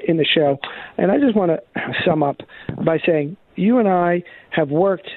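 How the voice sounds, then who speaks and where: A man's voice: high voice, expressive, normal speed, no room sound. Emphatic male talk radio host, tinny sound. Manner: emphatic, repetitive, clears throat. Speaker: guest host and law professor.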